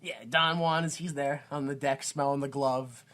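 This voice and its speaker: A man hosting a podcast, chatting casually about a film, excitable, laughing often and swearing. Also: mid-range voice, normal speed. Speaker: podcast host. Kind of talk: casual chat recapping a film.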